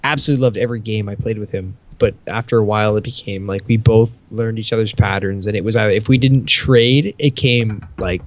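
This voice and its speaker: A man's voice: fairly low pitch, a little fast, hardly any pauses, dull audio. A man co-hosting a casual podcast, telling long rambling stories, swearing freely and acting out quoted dialogue. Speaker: podcast co-host.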